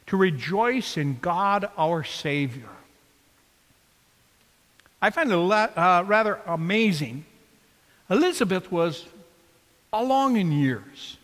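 Man preaching, high voice, expressive, rhetorical questions, long hall echo. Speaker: pastor. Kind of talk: sermon.

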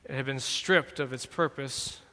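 A man giving dramatic scripted narration in a slow, deliberate, solemn manner. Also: mid-range voice, bright, forceful tone, long reverb tail.

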